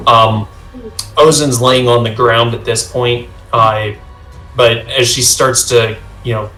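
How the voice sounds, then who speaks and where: A man runs a tabletop game over a video call, describing scenes in a halting way full of fillers. His mid-range voice sounds roomy, with faint music playing underneath. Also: medium pitch, steady tone, bright, forceful tone. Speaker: game master.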